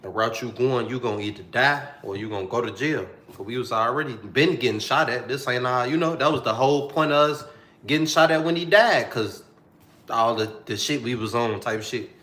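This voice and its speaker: A man's voice: medium pitch, fairly quick, pushed and bright, echoey room. A young man telling a personal story to the camera in a slangy, repetitive, heartfelt way.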